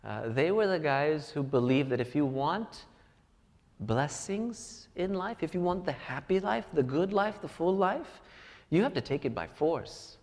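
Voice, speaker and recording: A man's voice: fairly high pitch, animated, measured pace, a little mellow. A man preaching a sermon to a congregation, telling personal stories and building to emphatic points. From United States. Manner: storytelling, rising to emphatic peaks. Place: large church hall. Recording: long reverb of a church hall.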